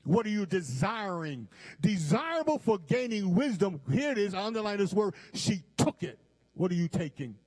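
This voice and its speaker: Emphatic high-voiced male preacher. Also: darkish tone. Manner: emphatic, quotes scripture with dramatic pauses, shifts pace often. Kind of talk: sermon.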